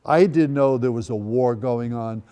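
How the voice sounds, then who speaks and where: A guest speaker in his eighties, born in the Netherlands, shares personal stories at a school event space, dropping in wry, dry remarks. His mid-range voice is dark, clear and resonant, moving at a moderate pace with a big-room sound.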